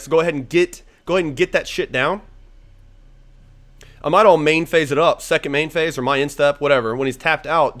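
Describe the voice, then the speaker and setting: A man's voice: on the high side, fairly bright tone. Profane, rambling young man gaming. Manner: rambling, profane, thinking aloud. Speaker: gaming YouTuber. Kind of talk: casual gameplay commentary.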